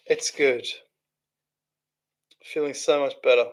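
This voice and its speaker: Chatty man, slightly high voice. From Australia. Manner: chatty, rambling, thinks aloud with restarts. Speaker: livestream host reading chat. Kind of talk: casual live chat.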